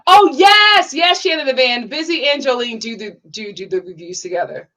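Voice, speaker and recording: A young woman hosting a casual livestream, chatty and bubbly, full of "like" fillers and sudden excited high exclamations. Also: moderate pace, hardly any pauses, rough recording. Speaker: YouTube reality-TV reviewer reading live chat.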